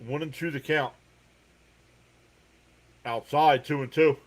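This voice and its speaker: A man from New Jersey with a New Jersey accent, hosting a live baseball reaction stream, calling pitches and chatting with viewers' comments. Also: takes it slowly. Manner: relaxed, chatty, reads viewer comments aloud between pitches. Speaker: live sports reaction host. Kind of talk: live baseball play-by-play and chat.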